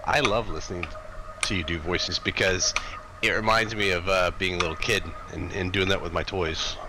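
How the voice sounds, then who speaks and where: A man co-hosting a game stream in a relaxed, casual way, reading out viewer messages. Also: low voice, moderate pace, noisy background. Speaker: stream co-host reading chat. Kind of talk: casual live-stream chat.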